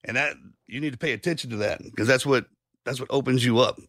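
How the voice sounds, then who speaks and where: A man's voice: mid-range voice, quick pace, fairly bright tone, dry recording, studio quality. A man co-hosting a podcast, folksy and rambling, who spins long analogies and swears casually. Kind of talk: conversational podcast talk.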